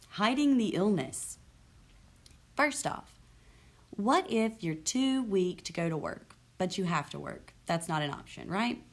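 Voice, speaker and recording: Young woman, vlog host, casual talk to camera, candid, sarcastic, chatty. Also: mid-range voice. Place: lives in the US South.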